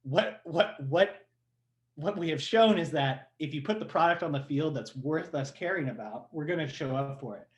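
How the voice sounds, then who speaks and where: A man's voice: fairly high pitch, moderate pace. A man from San Diego, a guest on a podcast, talking casually and enthusiastically. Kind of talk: casual interview chat.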